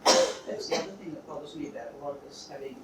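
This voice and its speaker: A woman's voice: sits low, wildly swooping pitch, fast talker. A woman in a workshop audience, speaking plainly and practically in broken-off phrases. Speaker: workshop participant. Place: meeting room, off-mic in the audience. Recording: distant, echoey room mic with noise.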